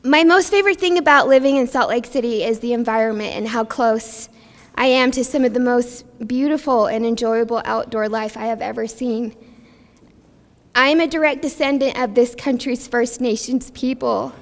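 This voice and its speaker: A young woman speaking at a press conference as a community advocate, emotional and halting, pausing with nervous laughs and fillers. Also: a little high. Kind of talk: emotional public speech. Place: press conference in a large hall. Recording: long hall reverb.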